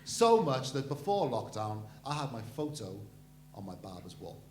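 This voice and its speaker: In an echoey room with slight background noise, a middle-aged man from Wales hosts a stand-up night, cracking crude jokes and bantering cheekily with the audience. His medium-pitched, darkish voice is very animated at a moderate pace.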